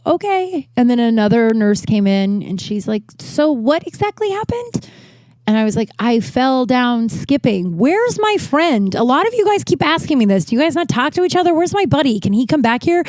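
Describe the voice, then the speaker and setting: A woman's voice: mid-range voice, warm tone. A woman in her thirties, a comedian, talks through a personal story on her podcast in a loose, rambling way. She is candid and self-deprecating and swears freely. Her mid-range voice sounds close and dry, with no room echo. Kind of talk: casual storytelling monologue.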